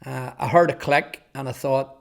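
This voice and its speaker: A man in his fifties with a Northern Irish accent, earnestly telling his life testimony, halting at times over repeated words. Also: medium pitch, fairly even intonation, creaky. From Northern Ireland. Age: 50s. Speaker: testimony speaker. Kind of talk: personal testimony storytelling.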